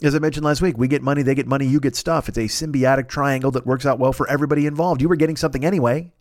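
A man's voice: medium pitch, fairly even intonation, rapid-fire, dry recording, studio quality. A man hosting a podcast, rambling and ranting with plenty of swearing and restarts as he plugs other shows. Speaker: podcast host. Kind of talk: casual podcast plug.

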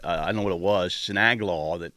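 Rambling crude man, lowish voice. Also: fast, bright, forceful tone, a little hiss or hum. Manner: rambling, crude, laughs often. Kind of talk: casual banter.

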